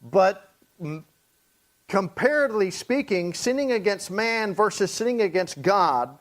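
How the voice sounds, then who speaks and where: High-voiced pastor teaching Bible study. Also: male voice. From Hawaii. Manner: reads scripture slowly then explains in plain talk.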